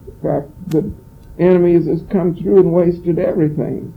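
Male preacher, high-voiced, slow and hesitant, Bible-study reading, tinny lo-fi recording. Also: steady tone, creaky. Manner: slow, halting, explains word meanings between verses. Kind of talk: Bible study sermon reading scripture aloud.

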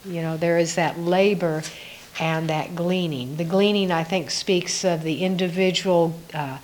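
A woman giving a reflective devotional Bible teaching, musing aloud with soft laughs. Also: fairly low pitch, fairly even intonation, a little slow, slight background noise, low-quality recording.

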